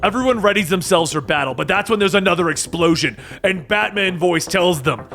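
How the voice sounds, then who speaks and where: A man narrating a comic book story recap in a dramatic, rushing style that builds to shouts. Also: fairly high pitch, faint music behind.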